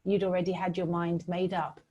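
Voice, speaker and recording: A middle-aged woman from Britain giving a talk with slides, telling stories in an earnest, animated way. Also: on the low side, moderate pace, muffled recording. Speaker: public speaker.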